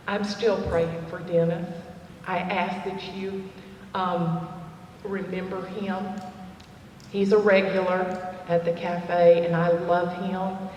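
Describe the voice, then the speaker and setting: A woman telling a personal story to a women's dinner, slow and chatty with fillers. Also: on the low side, level tone, darkish tone, slight background noise. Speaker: cafe owner speaking at a women's dinner. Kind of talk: personal testimony talk. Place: church fellowship hall. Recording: echoey hall, voice from far off.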